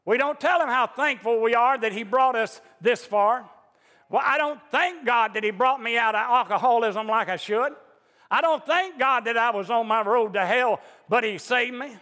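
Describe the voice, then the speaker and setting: A man with an extremely high, pushed and bright voice preaches a fervent, emphatic sermon at a moderate pace, his voice rising into outbursts. He's in a church sanctuary, and echoey hall reverb fills the recording.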